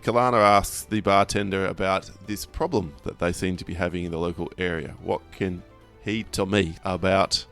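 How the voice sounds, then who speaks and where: A man playing a tabletop game, talking in a relaxed, wry way. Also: deep voice, normal speed, hardly any pauses, soft background music. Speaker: player.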